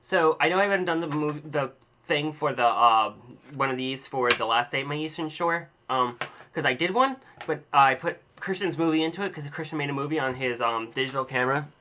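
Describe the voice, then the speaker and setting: A man's voice: on the high side, fairly quick, bright, forceful tone, a little hiss or hum. A young man rambling in a casual video diary, telling an exaggerated, dramatic story with playful self-mockery. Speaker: vlogger.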